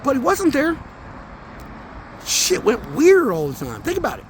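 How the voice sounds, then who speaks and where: A man walking outdoors and talking into his phone in an intense, rambling spiritual monologue, swearing often and swinging between mumbles and loud outbursts. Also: very high voice, huge pitch swings, measured pace. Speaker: vlogger. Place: outdoors near traffic, walking. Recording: outdoor phone audio with street noise.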